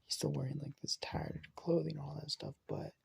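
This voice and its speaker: A man's voice: on the high side, level tone, brisk, slight background noise. A man telling an improvised story in a casual, rambling way, swearing and often dropping to a whisper. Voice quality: gravelly, raspy.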